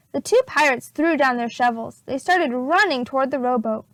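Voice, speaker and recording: A woman teacher reading a chapter book aloud to preschool children, slow and expressive. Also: sits high, dry recording.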